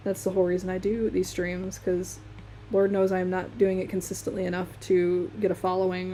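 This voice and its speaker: A woman's voice: on the low side, little pitch movement, a little fast, warm tone. A young woman from Michigan with a Midwestern accent, chatting and laughing easily while she draws on a live stream. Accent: Midwestern American. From Michigan, USA. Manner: chatty, laughs often, talks while working. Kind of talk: casual chat while drawing on a live stream.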